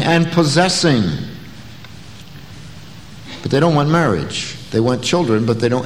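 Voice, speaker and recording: A pastor preaching a sermon, telling stories with a dry, folksy humor. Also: male voice, fairly high pitch. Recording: long reverb, faint noise.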